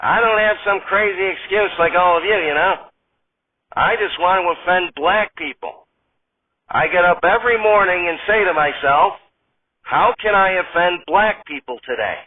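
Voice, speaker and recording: A man voicing a blunt, unapologetic bigot in an audio sketch, speaking in a flat, matter-of-fact drawl over a tinny, phone-like line. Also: high voice, normal speed. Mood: deadpan.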